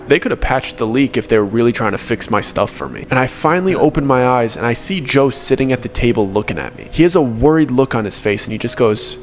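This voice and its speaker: Young man, first-person story narration, earnest, confessional, mid-pitched voice. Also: a little hiss or hum. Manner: earnest, confessional, self-correcting.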